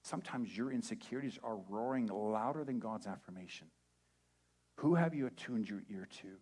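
A young adult man preaching a sermon as a pastor, animated and acting out quoted voices. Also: on the low side, moderate pace, husky.

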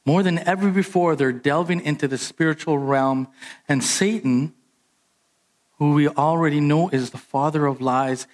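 Guy preaching, kinda high voice, gets loud and punchy on the big points. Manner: animated, emphatic preaching that jumps higher in pitch on key points. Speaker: pastor. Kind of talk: sermon.

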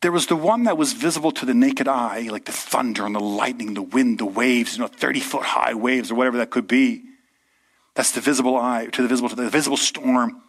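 A man preaching a sermon to a live church audience, with a lively, conversational delivery that often checks in with the room. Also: medium pitch, a little fast, husky.

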